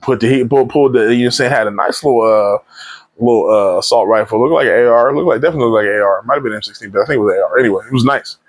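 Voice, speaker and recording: A man giving a casual spoiler movie review, retelling scenes in a rambling, animated way full of slang and restarts. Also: mid-range voice, very fast, dry recording.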